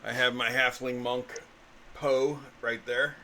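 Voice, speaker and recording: A man's voice: mid-range voice, flat delivery, slow pace, bright, forceful tone, a little hiss or hum. Easygoing man running a tabletop game. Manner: laid-back, lots of ums, jokey swearing. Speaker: game master. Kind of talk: casual tabletop session chat.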